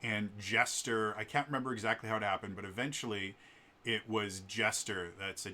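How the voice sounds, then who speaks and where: A man recounting a story on his daily vlog in a loose, chatty way. His voice is bright and forceful, and his delivery jumps around with fillers and restarts. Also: lowish voice, moderate pace. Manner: animated, rambling retelling with many fillers. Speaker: vlogger.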